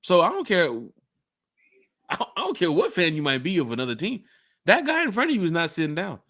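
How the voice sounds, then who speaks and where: Male podcast host, casual chatter, bouncy animated delivery, dry close-mic sound. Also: high-pitched, fairly quick, no echo. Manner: animated storyteller acting out quotes. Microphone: home podcast mic and camera.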